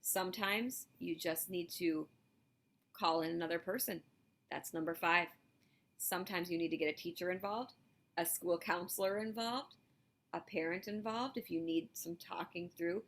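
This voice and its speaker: Lively teacher talking to young kids. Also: female voice, on the low side, gravelly, a little hiss or hum. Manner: lively, encouraging, talks directly to children. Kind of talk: video lesson for elementary students.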